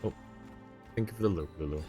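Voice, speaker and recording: Man, low voice, tired, laid-back gameplay commentary, chuckling asides, faint game music. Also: fast. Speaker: streamer.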